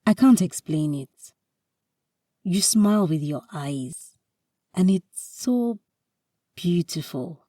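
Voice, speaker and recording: A devoted young husband murmurs earnestly, half-whispering, as a woman reads him. His voice sits low and slow. The recording is dry, and the mic is a little far off. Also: lively intonation, warm tone, husky, no room sound, exaggerated voice. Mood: adoring. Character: devoted loving young husband, soft-spoken.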